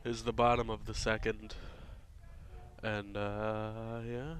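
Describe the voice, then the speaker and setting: Smooth-voiced man rambling through baseball commentary. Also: lowish voice, level tone, slow, fairly bright tone. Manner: offhand, wandering into jokey asides. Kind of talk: casual rambling play-by-play.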